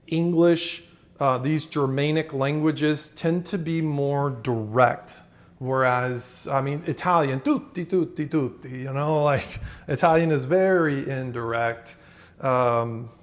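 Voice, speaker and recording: A man in the middle of a casual talking-head lesson, speaking at an everyday mid pitch. His delivery is loose and conversational, full of fillers and quick restarts. Every so often he stops to act out a short example phrase before carrying on with the explanation. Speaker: communication coach.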